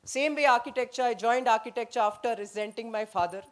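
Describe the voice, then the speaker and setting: Lively Indian woman telling army stories. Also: fairly high pitch, fast talker. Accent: Indian English. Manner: lively storyteller who acts out quotes and slips into Hindi; emphatic, punchy declarations. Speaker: former army officer speaking on a panel. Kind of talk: anecdotal speech at a leadership summit.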